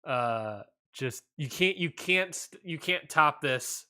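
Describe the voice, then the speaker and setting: A man co-hosting a casual wrestling podcast, laid-back and rambling, often trailing off quietly at the ends of lines. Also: on the high side, animated, takes it slowly, clear, resonant tone. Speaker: podcast co-host.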